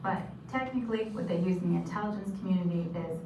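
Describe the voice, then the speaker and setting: A woman's voice: fairly low pitch, quick pace, dark tone, dull audio. A woman teaching sign language vocabulary, patiently saying each term and repeating it. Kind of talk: instructional explanation. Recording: echoey room from a distance with noise.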